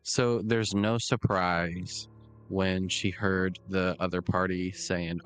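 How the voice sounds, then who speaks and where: Man, deep voice, slow, smooth, tabletop player. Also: fairly even intonation, a bit bright, faint music behind. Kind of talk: describing his character in a tabletop game.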